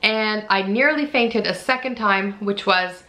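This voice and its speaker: A woman in her thirties with a mid-range voice and sharp tone speaks at a measured pace in a candid, chatty pregnancy update vlog from home. Filmed on her own camera mic, she frequently says "like" and "you know."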